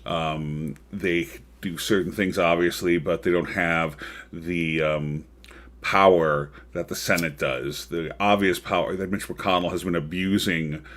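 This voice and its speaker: Low-voiced man hosting a political livestream. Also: steady tone, unhurried, fairly bright tone. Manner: chatty, rambling with frequent ums and asides. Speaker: livestream talk show host. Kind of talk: casual political livestream commentary.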